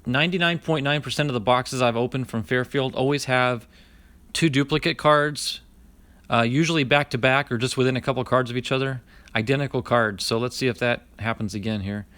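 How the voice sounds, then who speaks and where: A man vlogs while opening a pack of cards, reading each name aloud in a chatty running list and greeting live viewers by name. His mid-range voice is a bit bright and a little fast, and the recording is dry.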